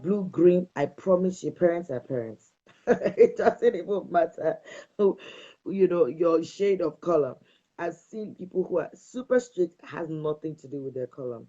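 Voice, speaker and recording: A woman's voice: lowish voice, dark tone, dull audio. A woman gives a parenting talk straight to her listeners, emphatic and repeating her advice as short commands. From Nigeria. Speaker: parenting speaker. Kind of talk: direct-to-camera parenting talk.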